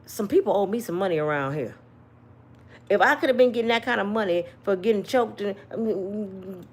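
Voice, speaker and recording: Lively, animated woman ranting. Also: mid-range voice. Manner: emphatic, rhetorical questions, slangy. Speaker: commentary vlogger. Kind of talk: animated opinion rant.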